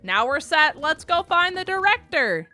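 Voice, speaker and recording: High, lively woman streamer. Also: measured pace, soft background music. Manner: playful, reads game dialogue aloud in put-on voices. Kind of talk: casual game commentary.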